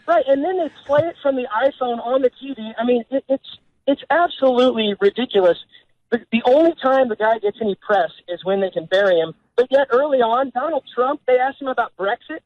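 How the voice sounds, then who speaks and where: Male radio caller with a high voice, earnest and stammering, heard over a dull dry phone line. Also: fairly quick, no echo. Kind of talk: radio call-in.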